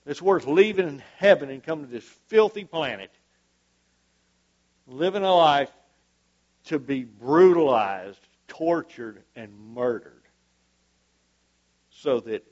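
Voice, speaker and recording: A man's voice: medium pitch, a little mellow, dull audio. A man preaching a sermon to a church congregation, fervent and emphatic, repeating his points for weight.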